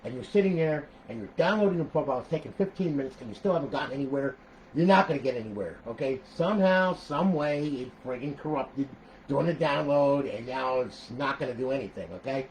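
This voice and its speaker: A man's voice: mid-range voice, fast, low-quality recording. A man with an ordinary mid-range voice talks through a console setup step by step. He checks in with "okay?" constantly and flares up now and then. A faint noise hangs behind him. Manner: chatty, repeats "okay?", animated outbursts. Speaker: console modder giving a tutorial. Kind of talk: casual screen-recorded tutorial.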